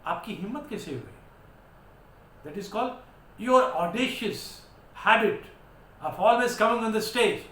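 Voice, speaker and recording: A man's voice: high-pitched, a bit bright. A man with an Indian English accent teaching vocabulary, spelling words out and switching into Hindi to explain. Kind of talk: vocabulary lesson. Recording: echoey room with faint background noise.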